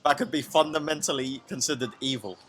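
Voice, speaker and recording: A young man, a comedian hosting a casual podcast, teasing his co-host in a deadpan way. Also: mid-range voice, fairly quick, soft background music. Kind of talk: casual chat.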